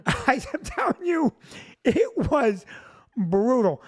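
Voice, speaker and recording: A male comedian telling a long comic story, animated and breaking into shouted punchlines. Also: very high-pitched, takes it slowly.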